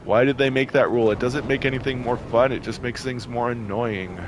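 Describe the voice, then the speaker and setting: A man casually commenting while playing a game, chatty and quick to get irritated, laughing often. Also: mid-range voice, fairly even intonation, background noise. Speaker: gameplay video host.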